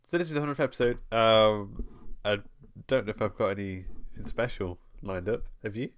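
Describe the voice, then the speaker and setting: A man's voice: fairly low pitch, brisk. A man hosting a casual podcast, self-mocking and laughing often as he chats. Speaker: podcast host. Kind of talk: casual chat.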